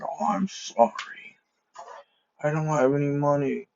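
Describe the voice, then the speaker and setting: A man's voice: a little high, a little slow, gravelly, darkish tone, dull audio, voice pushed up. A man voicing a slightly drunk teenage boy ninja who hiccups and apologizes tearfully in a raised voice. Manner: slurring, sobbing apology.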